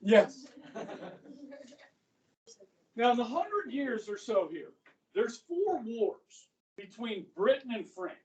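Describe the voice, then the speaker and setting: A man's voice: extremely high pitch, very animated, slow, pauses often. A middle-aged man teaching history to a class, chatty, who keeps checking in with "okay?". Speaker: high school history teacher. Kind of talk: classroom lecture. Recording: echoey classroom from far off.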